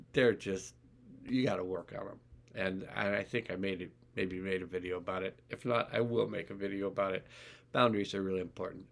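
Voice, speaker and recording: Talking casually to camera about emotions, a life coach rambles with restarts and acts out inner voices in this self-help video. His voice is on the low side, creaky and a bit bright.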